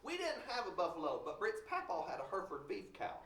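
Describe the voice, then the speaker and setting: A man's voice: high voice, huge pitch swings, quick pace, noisy background. A man from Kentucky, telling a story live in a folksy, wry way, heard in a large hall from a distance. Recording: roomy hall from far off.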